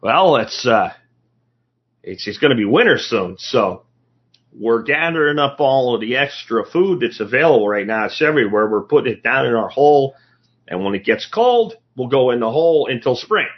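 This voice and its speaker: A sensible, hardworking ant giving a plain-spoken warning, as a man voices him in a fable. He speaks in an ordinary, low-key voice. The recording sounds dull and lo-fi. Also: expressive, moderate pace, slightly rough. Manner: matter-of-fact, warning.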